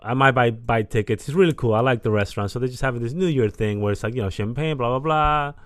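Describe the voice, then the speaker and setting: A man's voice: medium pitch, quick pace, no room sound, clean studio sound. A young man co-hosting a podcast in loose, rambling casual chat, often repeating himself. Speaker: podcast co-host.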